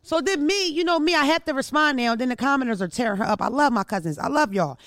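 A woman's voice: high voice, expressive, quick pace, fairly bright tone, no echo, studio quality. A woman hosting her podcast, telling stories in a brash, profane, casual comedic monologue. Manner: brash, profane storytelling with rising outbursts. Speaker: podcast host.

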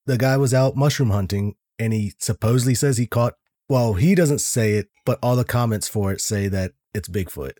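A man's voice: mid-range voice, normal speed, dark tone, dry recording, clean studio sound. A man co-hosting a casual podcast, talking in a laid-back, slangy way. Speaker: podcast co-host.

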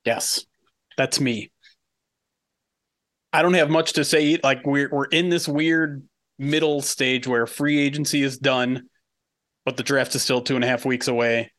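A man's voice: medium pitch, fairly even intonation, measured pace, long pauses, fairly bright tone, dry recording, clean studio sound. A man co-hosting a podcast in a laid-back, teasing way with lots of fillers. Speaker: podcast co-host. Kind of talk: casual podcast chat.

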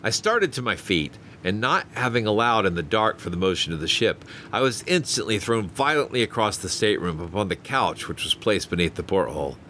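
A man narrating a first-person story in a measured, expressive reading. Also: lowish voice, a little hiss or hum. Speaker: audiobook narrator.

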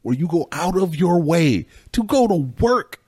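A man's voice: high-pitched, sing-song, unhurried, a little mellow, slightly rough, dry recording, studio quality. A man co-hosting a casual comedy podcast, joking and reacting with exaggerated disbelief. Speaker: podcast co-host. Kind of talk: casual chat.

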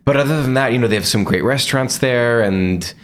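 A man's voice: medium pitch, brisk. A man in his thirties, a podcast guest telling a story with lots of restarts and acted quotes. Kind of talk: casual chat.

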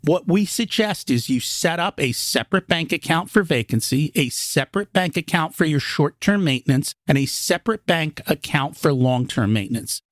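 A real estate investor who immigrated to the United States as a child explains things practically and emphatically as a podcast guest, acting out his inner dialogue. His fairly bright, expressive voice is on the high side, moderately paced with hardly any pauses, recorded studio-clean with no room sound.

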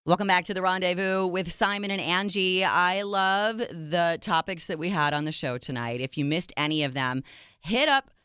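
A woman's voice: lowish voice, moderate pace, pushed and bright, clean tone, no echo, clean studio sound. A woman co-hosting a relationship advice radio show, direct and reassuring, often cutting in on her co-host.

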